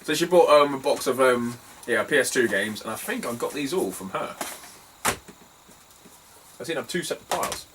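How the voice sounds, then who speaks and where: A man's voice: medium pitch, normal speed, pauses often. Chatty man telling car-boot stories. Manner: chatty, laughs often, swears casually, animated when telling a funny story. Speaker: retro game collector vlogger. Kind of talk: casual storytelling vlog. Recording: somewhat distant mic, faint ambient noise.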